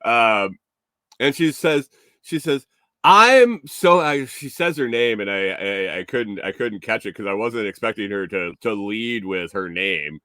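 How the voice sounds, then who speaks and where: A man hosts a casual morning show, chuckling through a story, swearing freely and reading out viewer comments. His fairly low voice is bright and forceful, a little slow, and the studio-quality recording is dry.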